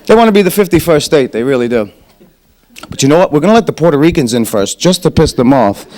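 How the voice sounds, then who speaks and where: A man performing a stand-up comedy set in a club, animated and punchy, with mock-exasperated rants. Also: fairly high pitch, fast talker.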